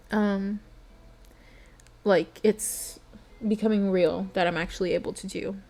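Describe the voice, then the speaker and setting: A woman's voice: medium pitch, fairly even intonation, measured pace, long pauses, dark tone. Earnest young woman streamer. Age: young adult. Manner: earnest and emotional, with laughs. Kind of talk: bedtime story reading and stream chat.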